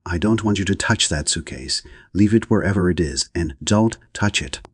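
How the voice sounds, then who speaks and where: A man's voice: low-pitched, expressive, moderate pace, husky, no room sound, clean studio sound. A man voicing an anxious bookseller who insists and repeats himself on the telephone. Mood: urgent. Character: urgent, anxious male bookseller on phone.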